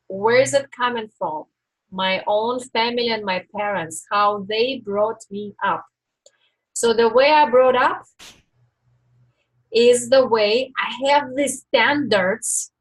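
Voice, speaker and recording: A woman coach talks through her steps at an unhurried, careful pace on a live stream. Her voice sits a little high and has a soft, husky, breathy grain. She teaches in a deliberate way and pauses to reflect. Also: poor audio. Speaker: life coach.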